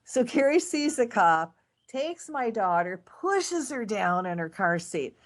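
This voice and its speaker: A middle-aged woman guest telling a long personal story in a casual, animated way, with big swings in her voice. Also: fairly high pitch, measured pace. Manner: animated, dramatic swings in voice when retelling events.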